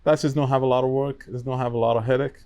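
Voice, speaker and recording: A man's voice: mid-range voice, little pitch movement, quick pace, darkish tone, muffled recording. A man chatting casually as a podcast guest, in broken English that is not his first language, talkative and peppered with "you know". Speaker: guest, wiring business owner.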